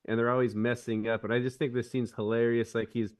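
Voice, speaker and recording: A man rambles through a film scene in casual podcast talk, full of restarts. His voice sits at an ordinary pitch. He sounds a bit away from the microphone. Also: quick pace, far from the mic. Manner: rambling, many restarts, animated retelling. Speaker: podcast co-host. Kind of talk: casual chat.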